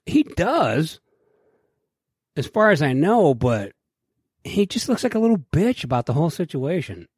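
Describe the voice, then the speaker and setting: His pitch is fairly high and his voice husky, and he talks at a measured pace with frequent pauses. As a podcast co-host, he swears a lot and tells loud, lively stories with put-on quotes in casual conversation. The recording is studio quality with no echo.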